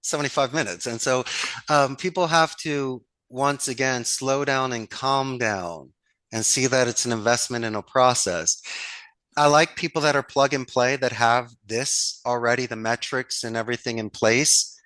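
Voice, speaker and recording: A man's voice: mid-range voice, moderate pace, sharp tone, no echo. A man from Philadelphia, a call center owner, talking in an interview. He speaks emphatically, acts out phone calls and his own lines, and laughs often as he tells stories. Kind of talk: animated interview talk.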